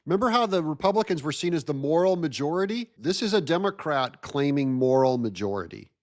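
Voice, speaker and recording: A man's voice: a little high, animated, brisk, darkish tone. Sarcastic man commenting on clips. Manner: sarcastic, mocking. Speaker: show host. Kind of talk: commentary over video clips.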